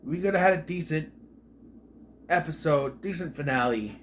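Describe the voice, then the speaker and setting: A man's voice: on the high side, normal speed, a little hiss or hum. A young man giving a casual, rambling spoken review of a TV episode, exasperated, swearing now and then and often restarting his sentences.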